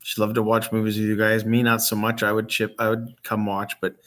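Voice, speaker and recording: A middle-aged man from Michigan, a grieving father hosting a vlog, talks off the cuff with many pauses and ums, his voice catching as he nears tears. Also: on the low side, completely flat delivery, a bit bright. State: emotional, near tears. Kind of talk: unscripted casual talk to camera.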